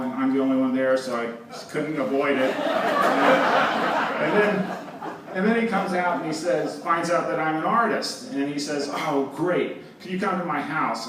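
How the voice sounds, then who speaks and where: Guy telling funny road stories on stage, kinda high voice, big echoey hall from far off, noisy. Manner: wry, laughing between anecdotes. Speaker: presenter. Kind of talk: storytelling talk on stage. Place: live event hall with audience. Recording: roomy, distant, with background noise.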